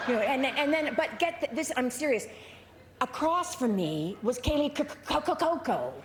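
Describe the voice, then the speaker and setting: Give me a middle-aged woman on stage telling a halting, rambling comic story, voice a little high. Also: expressive, noisy background. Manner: rambling, halting, many fillers and restarts. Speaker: award presenter. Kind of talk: comic onstage anecdote. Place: large ballroom on stage.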